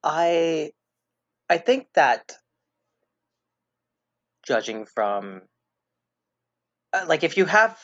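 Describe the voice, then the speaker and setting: A man guesting on a casual film podcast, speaking in a measured way with frequent "uh" and "you know". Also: a little high, sing-song, a bit bright. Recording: dull, slightly lo-fi audio.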